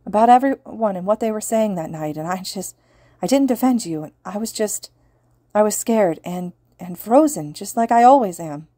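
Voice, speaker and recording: A woman's voice: medium pitch, expressive, moderate pace, dark tone, no room sound, clean studio sound, pitched above the performer's own voice, natural voice. A woman reading the lines of a teenage boy hero student, pleading and choked with emotion, in an audiobook fan reading. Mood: tearful pleading.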